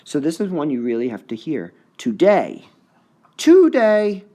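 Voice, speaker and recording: A male high school English teacher giving a recorded lesson on poetic meter, repeating words to sound out their stresses. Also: animated, fast talker, dark tone. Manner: sounds out syllables to mark the stresses.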